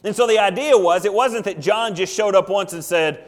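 A man's voice: high voice, moderate pace. A male pastor preaching an emphatic sermon, asking questions and acting out quotes. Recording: long hall reverb.

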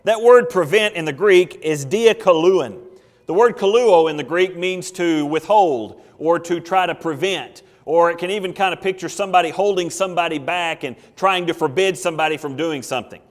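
A man's voice: a little high, moderate pace. A male pastor preaching an emphatic sermon, asking questions and acting out quotes. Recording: long hall reverb.

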